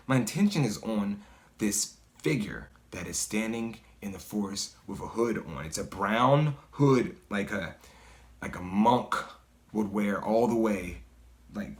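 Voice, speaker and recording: Low-voiced man telling a story casually. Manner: loose and conversational, swears freely, many "like" fillers. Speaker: guest storyteller. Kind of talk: casual spoken personal story.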